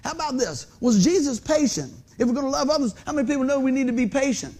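A man preaches from a church stage. His voice sits high for a man and stays animated and folksy. He keeps asking the congregation questions as he talks. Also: fast. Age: 50s. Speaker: pastor. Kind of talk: sermon. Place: church sanctuary under stage lights.

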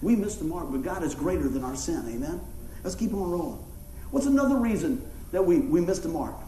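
Man, preaching, folksy and animated, fairly high voice, roomy echo. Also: a little hiss or hum. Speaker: pastor. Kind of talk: sermon with storytelling.

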